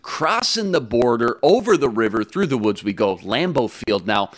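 A man co-hosting a sports talk show, energetic and hyped as he ranks games. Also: medium pitch, moderate pace, dry recording. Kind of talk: casual sports chat.

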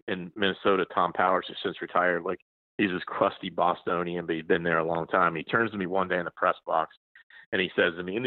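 Deep-voiced man on a tinny phone line. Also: dry recording. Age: 40s. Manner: rambling, many restarts and fillers. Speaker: journalist guest. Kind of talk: casual interview chat.

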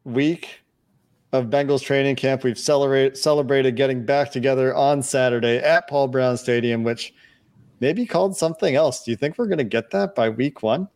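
A man's voice: mid-range voice, normal speed, darkish tone. Man hosting a sports podcast. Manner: steers the talk, asks questions, signs off the show. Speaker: podcast host. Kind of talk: casual sports podcast chat.

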